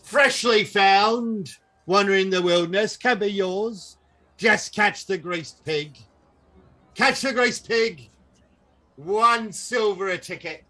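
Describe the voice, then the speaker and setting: A man's voice: sits high, slow pace, pushed and bright, pitched above the performer's own voice, exaggerated voice. A man voicing a portly male bugbear who runs a carnival game, calling out a bellowing sales patter. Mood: hawking.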